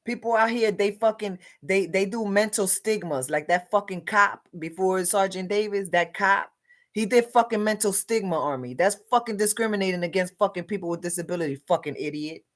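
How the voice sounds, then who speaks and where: A woman's voice: mid-range voice, a little fast. A woman delivering an agitated, unscripted monologue rant, swearing constantly and repeating herself. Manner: profane, repetitive, agitated ranting.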